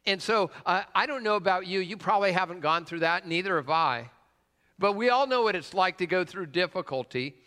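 A pastor with a high, sharp-toned voice speaks animatedly and a little fast, heard with the long reverb of a large hall. His sermon is conversational, built around a personal story, full of "uh" fillers and questions to the congregation.

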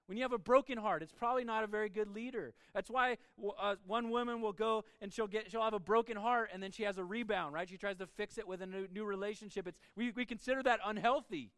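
A man preaching a sermon as pastor, emphatic, with his voice swinging between soft and loud. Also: sits high, quick pace, hardly any pauses, clean tone, dry recording.

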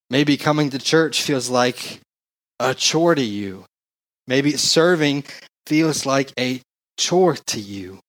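A young adult man, a pastor, preaching a casual, slangy sermon into a handheld mic and growing more excited as he goes. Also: medium pitch.

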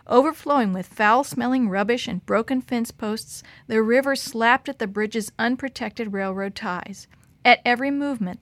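A woman narrating a story in an expressive, dramatic reading. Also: a little high, no room sound.

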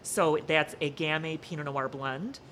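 Guest wine expert, woman, low voice, chatty and knowledgeable, faint room rumble. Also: steady tone, a little slow, a bit bright. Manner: explains wine knowledgeably, laughs easily. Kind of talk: casual podcast chat.

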